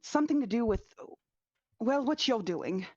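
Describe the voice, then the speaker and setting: A woman's voice: on the high side, lively intonation, a little slow, darkish tone, husky, dry recording, muffled recording. A woman voicing a vain, mannered male vampire socialite who speaks in an affected, airy way. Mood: polite. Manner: affected, airy, says darling.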